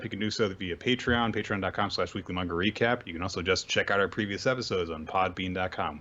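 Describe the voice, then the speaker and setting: A man hosting a podcast, casually recapping comics with animated storytelling. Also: lowish voice, highs cut off, slight background noise. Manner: animated storytelling, often acting out quotes. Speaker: podcast host.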